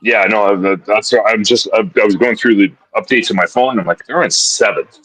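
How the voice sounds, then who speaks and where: A man on a live hockey betting show, chatting casually and excitably, often repeating his words as he starts a thought. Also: lowish voice, moderate pace, rough recording. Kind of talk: casual live-stream chat.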